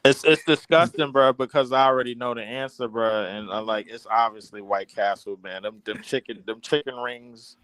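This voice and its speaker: A man's voice: mid-range voice, steady tone, moderate pace, few pauses, fairly bright tone, slight background noise, low-quality recording. A man co-hosting a casual podcast, talking in a laid-back, slangy way and tagging lines with "bruh" and "man". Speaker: podcast co-host. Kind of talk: casual sports podcast chat.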